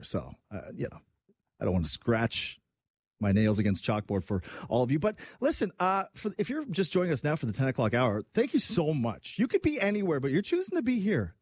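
An out-of-breath young man hosts a radio show, rambling excitably with lots of fillers. His pitch swings widely and his voice is a little husky. The sound is dry and close. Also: no echo. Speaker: radio host. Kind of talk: casual radio show chat.

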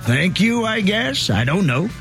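A man's voice: sits high, very animated, a little slow, fairly bright tone, faint music behind, full character voice. A man doing an impression of a brash, boastful, rambling older American president.

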